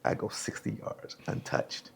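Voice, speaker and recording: A man's voice: unhurried, a little hiss or hum. A middle-aged man, a former pro football player, telling stories as a podcast guest and acting out what others said. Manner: animated storyteller, acts out quotes. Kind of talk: casual storytelling interview.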